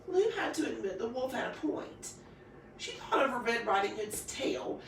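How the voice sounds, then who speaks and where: A woman reads a children's story aloud with animated expression. Her fairly high voice rises and falls in a lively way, and it sounds off-mic in an echoey room with faint ambience behind it. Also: moderate pace, far from the mic, slight background noise.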